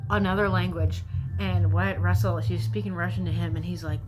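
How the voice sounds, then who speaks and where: A woman's voice: on the low side, fairly even intonation, fairly quick, music in the background. Profane, rambling woman vlogger. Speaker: vlogger recapping a movie. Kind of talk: casual movie recap.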